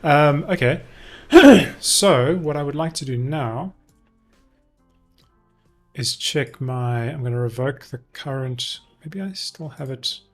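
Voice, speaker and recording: A man's voice: a little high, expressive, slow, soft background music. A man live-streaming a coding session, explaining his steps casually as he thinks aloud with frequent ums and self-corrections.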